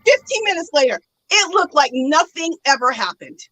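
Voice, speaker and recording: A woman telling a story in casual chat, animated and laughing often, acting out the other people's lines. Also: sits high, normal speed, slight background noise, poor audio. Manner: animated, laughs often, acts out quoted voices.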